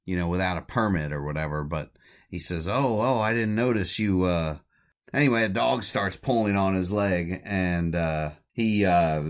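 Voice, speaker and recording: Man with a low voice, a rambling, chuckling host casually recapping a film. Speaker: podcast host.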